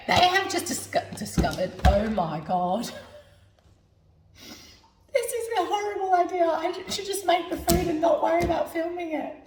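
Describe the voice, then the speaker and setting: Woman, cooking vlog host, hungover, giggly and chatty; slightly high, gravelly voice, recorded from a distance. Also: noisy background. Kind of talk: casual cooking vlog chat. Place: home kitchen. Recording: echoey kitchen, mic at a distance.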